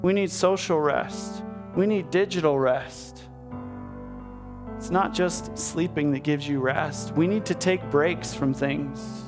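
A man preaching a sermon, talking to his congregation in a conversational way that builds into animated urging. His voice sits a little high for a man. Soft instrumental music plays faintly underneath. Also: takes it slowly. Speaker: pastor.

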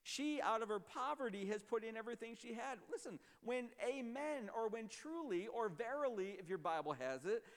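A man preaching a sermon as a pastor, emphatic and explanatory, often dropping to a low, quiet voice. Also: lively intonation, moderate pace, hardly any pauses, big-room sound.

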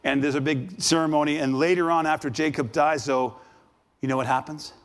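A man preaching a sermon as a guest preacher, dramatic, swinging from loud exclamations to hushed asides. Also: on the high side, fairly even intonation, brisk. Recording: long reverb of a large hall.

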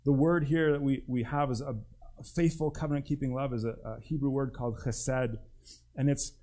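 A man's voice: medium pitch, steady tone, fairly quick, dark tone. A man preaching a sermon as pastor, with an emphatic delivery that swings between rising and dropping.

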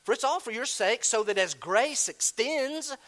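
A male pastor delivers a sermon in a high, bright voice. He preaches with lively swings of pitch, and he moves between loud, emphatic bursts and quiet, hushed asides. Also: a little slow.

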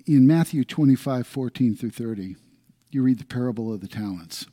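Man, middle-aged, pastor, sermon, husky voice, warm mellow tone, loud to hushed swings. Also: medium pitch, normal speed. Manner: swings between loud emphatic lines and hushed near-whispers.

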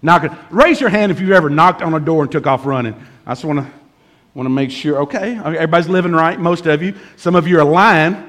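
Lively high-voiced preacher man. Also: fast talker. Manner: animated storyteller, shouts and laughs through the punchlines. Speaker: pastor. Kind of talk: sermon with comic storytelling.

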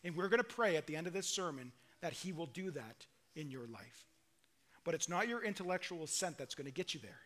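A man's voice: fairly high pitch, lively intonation, fairly quick, a bit bright. A man preaching a sermon as pastor, earnest and emphatic, building to strong declarations.

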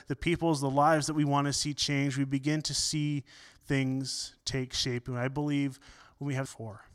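A male pastor delivers a sermon in an earnest way, often doubling his words. His voice swings between loud and soft. It sits a little high, and the tone is smooth and resonant.

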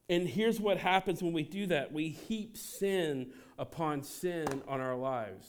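A man in his thirties preaches in a loose, conversational way, dropping in fillers and starting sentences over as he goes. He shifts into animated asides and sounds like he is talking straight to the congregation in front of him. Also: fairly high pitch, unhurried, hardly any pauses. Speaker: pastor. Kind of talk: sermon. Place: church sanctuary.

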